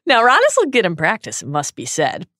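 Woman, podcast co-host, low voice with a lively swing, dry close-mic studio sound, wry scripted recap. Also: a little fast, no room sound. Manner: animated, wry storytelling with laughs.

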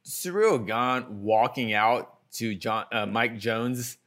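A man's voice: medium pitch, slow pace, a bit bright. A man from Houston on a sports panel, telling stories with stammering restarts and chuckles. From Houston, Texas. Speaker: reporter and podcast panelist. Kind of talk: casual sports chat.

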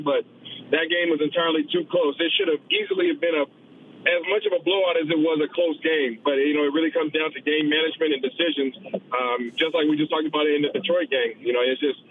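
A man calling in to a sports radio show, chatting casually and rambling through his story. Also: fairly high pitch. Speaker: caller. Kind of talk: casual call-in chat. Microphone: phone. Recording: tinny phone line with faint noise.

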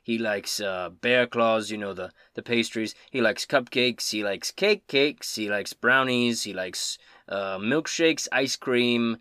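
A man's voice: medium pitch, slow, few pauses, bright, forceful tone, smooth, dry recording, studio quality. A man voicing a nervous male logging boss who stammers and trails off. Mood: fond.

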